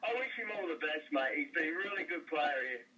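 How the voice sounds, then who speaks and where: A man's voice: a little high, animated, brisk, pushed and bright, far from the mic, highs cut off. An Australian man, a guest sports commentator, chatting casually and calling the host mate. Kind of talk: casual sports talk on a call-in segment.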